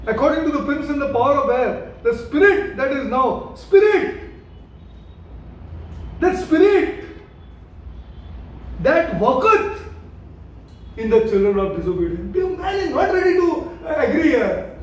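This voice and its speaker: Echoey, repetitive preacher. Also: male voice, very high voice, big pitch swings, measured pace, long pauses. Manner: repetitive, questioning the listeners, emphatic. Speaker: pastor teaching a Bible study. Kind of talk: interactive Bible study teaching. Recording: very echoey room, voice from a distance, light noise.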